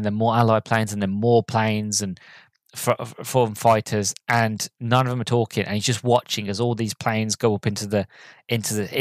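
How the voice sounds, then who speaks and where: A man's voice: on the low side, dry recording. A young man hosting a podcast, reviewing a film in casual, rambling talk with lots of restarts and fillers. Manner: acts out quoted characters in a raised voice. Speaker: podcast host reviewing films.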